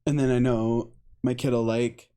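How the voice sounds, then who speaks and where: A man co-hosting a podcast, chatting loosely and recounting a story with lively, acted-out dialogue. His voice is mellow and warm, sitting at an ordinary middle pitch, and he laughs easily as he goes. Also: moderate pace, smooth. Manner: animated storyteller who acts out other people's lines; laughs often. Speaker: podcast co-host. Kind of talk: casual chat.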